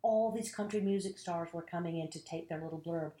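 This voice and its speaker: Animated actress telling stories, roomy sound. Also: female voice, fairly low pitch, a little fast. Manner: animated storyteller, acts out quotes. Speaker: actress, interview guest. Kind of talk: casual interview storytelling.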